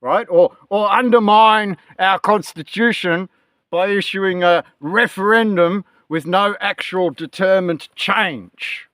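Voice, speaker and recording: A man in a ranting monologue, reading scripture aloud and talking in a slow, emphatic, scornful manner. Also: sits high, a bit bright, dry recording, clean studio sound. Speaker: political and religious commentator.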